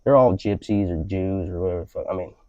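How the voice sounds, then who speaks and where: Podcast host, man, profane and rambling, warm low-key tone, dry lo-fi sound. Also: fast, dry recording. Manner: profane, rambling ranting delivery. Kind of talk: casual podcast chat. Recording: slightly dull lo-fi audio.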